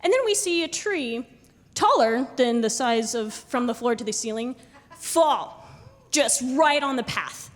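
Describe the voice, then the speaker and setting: A young woman tells a true story on a live stage, her high, bright voice leaping up and down as she acts out the quotes. She laughs often and keeps the telling animated. The sound rings with the long reverb of a hall. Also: measured pace.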